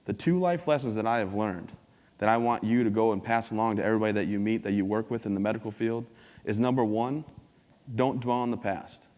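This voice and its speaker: A man's voice: lowish voice, fairly quick, darkish tone. A man in his thirties giving an upbeat, joking motivational talk from a stage, acting out little scenes and voices. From United States. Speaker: keynote speaker. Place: conference hall stage before an audience. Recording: long hall reverb.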